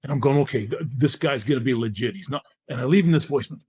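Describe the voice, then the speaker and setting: A man's voice: mid-range voice, fast, hardly any pauses, a little mellow, breathy edge. An older man from California, a former football player, telling his story as a podcast guest and acting out the dialogue he quotes.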